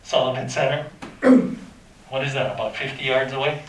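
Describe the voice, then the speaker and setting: A man's voice: mid-range voice, fairly even intonation, normal speed, slight background noise. A man teaching a math lesson to a class, talking informally, quizzing his students and making sound effects. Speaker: high school math teacher. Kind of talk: classroom lecture. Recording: echoey classroom from far off.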